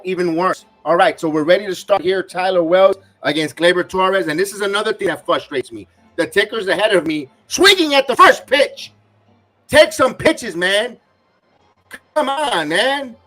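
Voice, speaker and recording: A man's voice: high voice, fairly bright tone. A man hosting a live baseball watch-along, ranting and cursing as an irate fan giving game reaction commentary.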